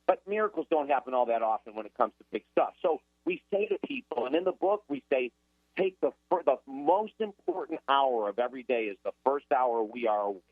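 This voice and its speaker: A man, a guest author in a radio interview, talking in an emphatic, energetic motivational way. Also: medium pitch, fairly quick, no echo. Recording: tinny phone line.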